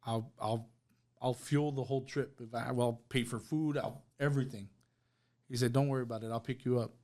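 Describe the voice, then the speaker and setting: A man speaks in a low-key, monotone voice with little rise and fall, telling his own story as a podcast guest. He halts often, restarts and repeats words, and voices the people he quotes in his own plain tone. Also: fairly quick. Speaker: guest sharing a personal testimony. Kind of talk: emotional personal storytelling. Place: podcast studio.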